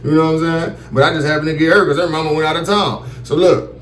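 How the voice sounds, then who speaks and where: A man's voice: a little high, fairly even intonation, quick pace, echoey room, background noise. A man telling a comic story casually, profane and loose, often asking "you feel me". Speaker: comedic storyteller.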